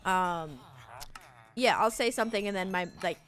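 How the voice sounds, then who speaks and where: A young woman from Sydney, speaking at a moderate pace in a mid-range voice with a softened Australian accent, rambles in casual chatter as she streams a game and answers viewers in chat.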